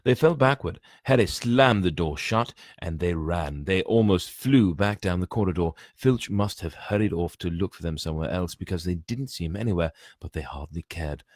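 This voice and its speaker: A man reading a novel aloud as a storyteller, with animated delivery and chatty asides to listeners. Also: deep voice, no room sound, studio quality.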